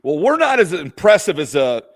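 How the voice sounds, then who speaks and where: A man's voice: fairly high pitch, sing-song, normal speed. A man co-hosting a podcast, asking a guest friendly, open questions. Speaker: podcast co-host. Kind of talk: casual interview hosting.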